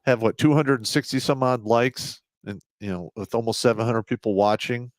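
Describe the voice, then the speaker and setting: A man co-hosting a casual livestream, speaking haltingly and asking viewers to like and subscribe. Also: medium pitch, no echo. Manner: halting, with restarts and short reactions. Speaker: co-host.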